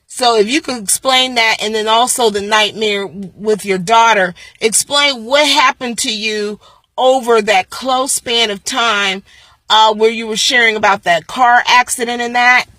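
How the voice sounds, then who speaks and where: A woman hosting an interview, asking slow, hesitant, gently prompting questions. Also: fairly high pitch, fairly even intonation, no echo, low-quality recording. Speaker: interviewer, host.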